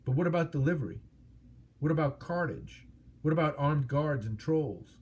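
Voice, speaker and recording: A vast, proud old dragon boasts and mocks in a slow, husky voice, as a man reads him aloud. He savors each grand claim with wily menace, like a storybook villain. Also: a little high, lively intonation, darkish tone, voice pushed up. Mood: mocking.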